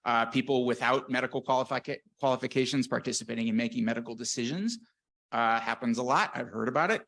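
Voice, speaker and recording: A man's voice: mid-range voice, fast talker, gravelly, fairly bright tone. A man, a research scientist, giving a conference presentation in an earnest, candid way, with fillers, restarts and wry humor. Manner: wry self-deprecating humor.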